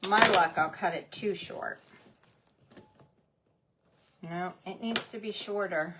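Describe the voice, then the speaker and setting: A woman hosting a live craft demo, chatting loudly and greeting viewers by name as she works. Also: on the low side, slow. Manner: says she is talking very loudly. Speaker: craft livestream host. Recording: noisy room with heat gun running. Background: heat gun whirring.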